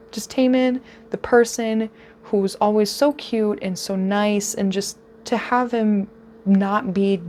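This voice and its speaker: A woman in her twenties telling a storytime vlog, gushing and excitable, speeding up in rapid bursts. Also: mid-range voice, slight background noise. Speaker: vlogger.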